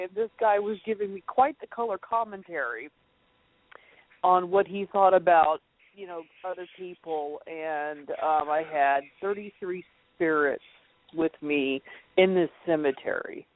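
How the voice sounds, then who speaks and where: A woman's voice: medium pitch, steady tone, unhurried, no echo. Middle-aged woman caller, rambling and chatty, over a tinny phone line. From North Carolina. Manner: rambling, chatty, laughs while telling stories. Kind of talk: call-in storytelling.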